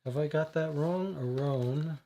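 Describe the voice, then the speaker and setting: Board game streamer, mid-pitched, musing aloud and reading game cards, casual livestream delivery. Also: a little slow, dark tone, a little hiss or hum. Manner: thinking aloud, many fillers, reads case text aloud.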